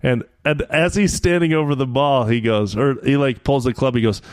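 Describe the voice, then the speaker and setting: A man chatting on a podcast, telling animated stories and acting out what others said. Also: mid-range voice, normal speed, dry recording, clean studio sound. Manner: animated storyteller, quoting others. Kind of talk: casual podcast chat.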